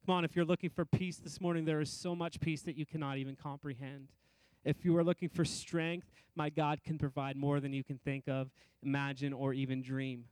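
High-voiced man preaching a sermon. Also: little pitch movement, darkish tone, clean tone, no room sound. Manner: varies emphasis, rising and slowing on key phrases; repetitive, rhythmic preaching. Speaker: pastor.

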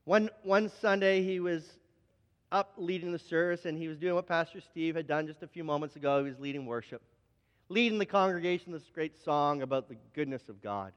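High-voiced pastor preaching in a hall. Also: male voice, brisk. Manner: storytelling with acted quotes, repeats words. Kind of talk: sermon. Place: church sanctuary. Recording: dull, reverberant church hall.

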